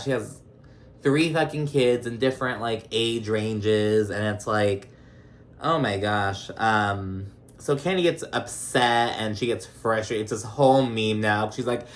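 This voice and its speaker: A man's voice: on the low side, a little slow. Chatty, profane young man recapping reality TV. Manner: chatty and profane, slips into mocking voices of cast members. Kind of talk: casual recap vlog.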